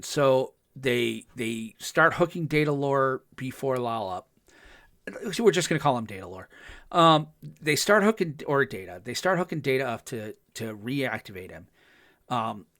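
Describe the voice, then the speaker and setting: A man's voice: medium pitch, fairly bright tone, no echo, studio quality. A man co-hosting a podcast, casually recapping a TV episode with lots of fillers and enthusiasm. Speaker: podcast co-host.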